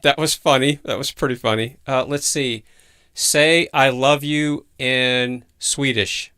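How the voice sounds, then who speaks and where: Male livestream host, casual, curious and halting; bright, crisp tone. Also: mid-range voice, steady tone. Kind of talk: casual live chat.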